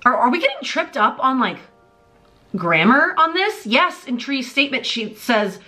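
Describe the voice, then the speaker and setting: A woman in her twenties, her voice a little high and at normal speed, rants in a pop culture commentary vlog with faint music behind her. As a commentary YouTuber, she's exasperated, sarcastic, and animated about celebrity drama.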